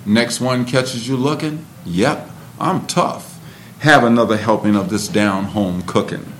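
Man, poet, spoken word, unhurried rhythmic delivery, faint background hiss. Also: mid-range voice. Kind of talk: spoken word poetry and conversation.

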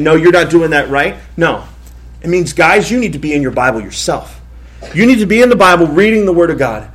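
A pastor in his thirties preaching a sermon in a lively, conversational way, often repeating himself. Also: a little high. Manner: animated, conversational preaching with repetitions.

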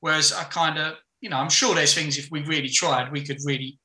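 A man tells stories in a loose, casual podcast chat, often stopping to restart his sentences. His voice sits a little high and sounds very bright. The room around him is echoey. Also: fairly even intonation, fairly quick. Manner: frank, rambling storyteller with many restarts. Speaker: podcast guest.

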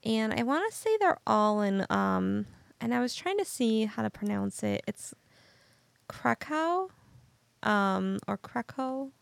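Slow, gravelly woman co-hosting a podcast. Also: medium pitch, sing-song, dry recording. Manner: giggly, rambling storyteller. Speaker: podcast co-host. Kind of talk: casual chat.

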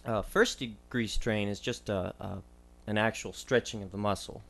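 A young man serves as medical contributor on a casual sports podcast, explaining injuries in a measured way with frequent ums and uhs. His fairly low voice is steady and gravelly yet fairly bright.

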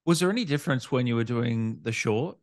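A man hosting a casual gaming interview, asking questions in a relaxed way. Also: medium pitch, a little fast.

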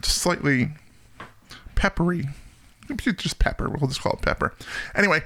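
A chatty man with a slightly high, gravelly voice talks through his picks in a relaxed podcast conversation. He laughs often and keeps an easygoing tone. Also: normal speed. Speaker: podcast co-host. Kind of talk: casual chat.

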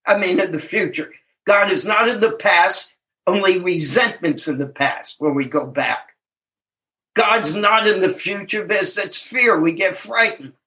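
A man's voice: sits high, a little slow, bright, forceful tone. An older man in his seventies giving a reflective, earnest personal recovery testimony, chuckling at himself and stressing key words. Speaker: speaker sharing at a recovery meeting.

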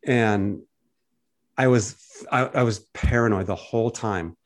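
A man telling a personal story in casual conversation, animated and jumping his pitch up high when he quotes people. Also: measured pace. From United States. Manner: animated storyteller, acts out quoted voices with big pitch jumps. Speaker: podcast co-host.

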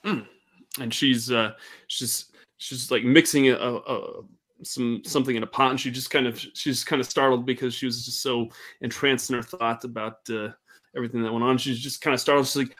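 A man's voice: mid-range voice, fairly even intonation, brisk, fairly bright tone. A man narrating as game master of a tabletop game, rambling, with many fillers and restarts.

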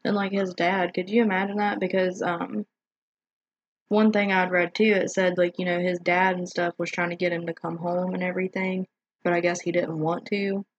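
A woman with a lowish voice talks bluntly and shares strong opinions, saying "like" often. The sound is dull and muffled, with a dry, close feel and no echo. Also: flat delivery, normal speed. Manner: frank, opinionated, says "like" often. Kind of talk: casual discussion.

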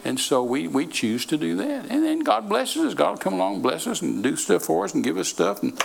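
A man's voice: fairly high pitch, sing-song, a little fast, vocal fry, low-quality recording. An older man preaching a sermon in a folksy, repetitive way, often restarting his sentences. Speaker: traveling preacher.

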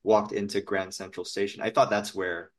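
A man's voice: lowish voice, level tone, normal speed. A man from the Philippines co-hosting a podcast. He reminisces in loose, rambling casual chat, full of "like". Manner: loose and rambling, heavy on fillers like "like". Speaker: podcast co-host.

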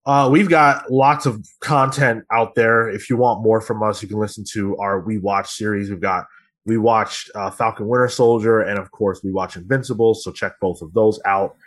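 A male podcast host with a somewhat low voice, talking in a loose, rambling way full of fillers. He chats casually and runs through the usual sign-off plugs. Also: steady tone, normal speed, a bit bright. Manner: rambling, filler-heavy, conversational.

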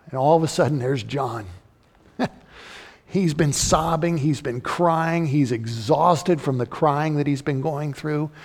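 A man preaching a sermon as a pastor, building to emphatic repeated questions and then dropping low and slow. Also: in a large hall.

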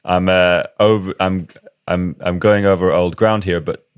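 A man's voice: low voice, steady tone, measured pace, clean tone, no room sound, phone-quality sound. A man from the UK hosting a podcast, chatting casually and rambling through restarts while acting out little dialogues. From United Kingdom. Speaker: podcast host. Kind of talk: casual conversational interview.

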